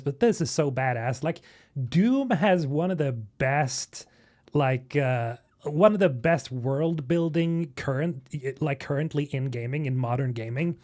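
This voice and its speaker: A young man from Sweden reacting to game trailers on a live stream, excitable and swearing, talking to chat. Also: medium pitch, a little slow. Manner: excitable, swearing, chatting with viewers. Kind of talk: casual live-stream commentary.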